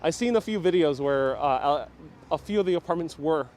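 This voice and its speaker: A man's voice: fairly high pitch, animated, brisk, darkish tone. Chatty man hosting a street tour. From New York City. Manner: chatty, reads viewer comments aloud and answers them. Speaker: walking-tour livestream host. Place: outdoors on city streets.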